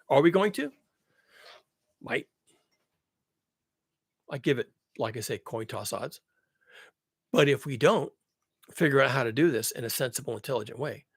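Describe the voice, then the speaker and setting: A man's voice: medium pitch, slightly rough, dry recording, clean studio sound. A man delivering a blunt, profane ranting monologue, hammering his points with repetition. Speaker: vlogger.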